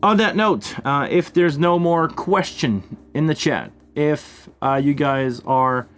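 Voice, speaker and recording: A man's voice: a little high, takes it slowly, fairly bright tone, soft background music. A man hosting a casual live stream Q&A, demonstrating a mixing desk while thinking aloud with frequent fillers and restarts. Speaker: live stream host answering viewer questions.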